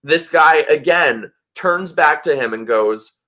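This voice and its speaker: A man hosting a casual livestream chat, telling a story in an animated way and swearing freely. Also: fairly high pitch, takes it slowly. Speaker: host.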